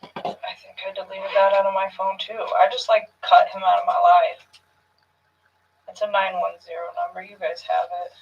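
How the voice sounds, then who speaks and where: A woman answering questions in a recorded police interview, hesitant and soft, often trailing off into near-whispers. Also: mid-range voice, level tone, moderate pace, gravelly, slight background noise. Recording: muffled, distant room recording.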